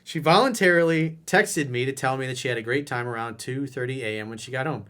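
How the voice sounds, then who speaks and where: A man's voice: mid-range voice, fast talker, fairly bright tone. A man who coaches people on dating, reading out a viewer letter and answering it in a blunt, mocking way.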